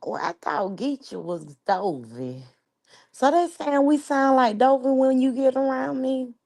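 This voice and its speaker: A woman's voice: high-pitched, expressive, a little slow, a little mellow. A woman from New York with a New York accent, hosting a casual live chat in a brash, chatty and profane way. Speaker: live stream host.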